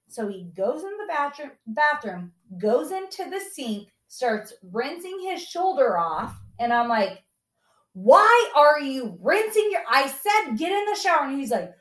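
A woman tells a story about her son with lively energy, jumping up into a raised voice for quoted lines. Her voice sits a bit high, and the room adds a clear echo. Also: unhurried. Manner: animated, acts out quotes in raised voice. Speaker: podcast guest, mother. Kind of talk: casual storytelling.

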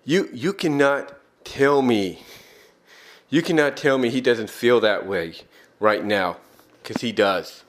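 A man's voice: medium pitch, a little slow, a bit bright. A man hosting an opinion podcast, talking emphatically and repeating his points for insistence. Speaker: podcast host.

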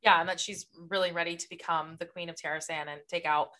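A woman's voice: lowish voice, fairly even intonation, fast, bright, forceful tone. A young woman co-hosting a book podcast, chatting casually and acting out characters' lines as she retells scenes. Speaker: podcast co-host.

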